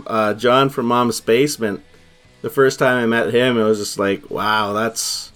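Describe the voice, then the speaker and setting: An easygoing man with a Canadian accent talks as a guest on a casual podcast. His voice is mid-pitched, with faint music in the background. He agrees readily and pauses on small fillers. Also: fairly even intonation, a bit bright, clean tone. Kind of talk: casual chat.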